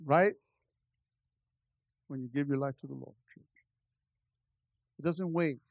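A man's voice: fairly high pitch, slow pace, gravelly, dry recording, dull audio. A man preaching a fervent sermon to his church, repeating his calls to the congregation. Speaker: pastor. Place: church service.

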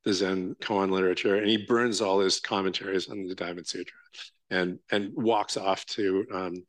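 A Zen teacher giving a dharma talk in a casual, halting way, full of fillers and check-ins with the listeners. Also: male voice, low-pitched, steady tone, no room sound.

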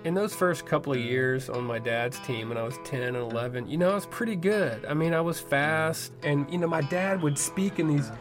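A man's voice: a little high, moderate pace, hardly any pauses. Wry man telling a personal story. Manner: wry, self-deprecating, conversational with fillers. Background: music score.

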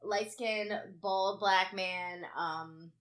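Bright-voiced woman telling a story. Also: mid-range voice, extremely slow. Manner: swears freely, animated storytelling. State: tired. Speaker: podcast co-host. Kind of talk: casual chat.

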